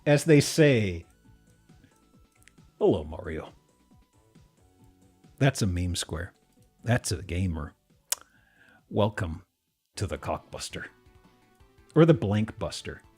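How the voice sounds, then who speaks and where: A man streaming live, chatting casually and excitably, often breaking into laughter and restarting his sentences. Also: lowish voice, takes it slowly, long pauses, breathy edge, soft background music.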